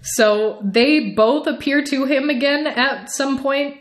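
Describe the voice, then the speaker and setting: A woman's voice: high voice, slow pace. A young adult woman hosting a podcast in a chatty, wry book discussion, laughing often. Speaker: podcast host.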